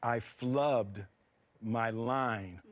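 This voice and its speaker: A man in his fifties telling a story in a casual, animated way, acting out quotes and laughing. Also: medium pitch, drawn-out words, no echo, dull audio. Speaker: actor and reunion guest.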